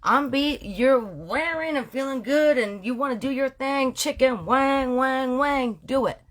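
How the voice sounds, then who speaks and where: A woman playing an easygoing devoted husband in his forties, laid-back and agreeable. He talks in a relaxed, sing-song way, rising higher than her usual voice. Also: measured pace.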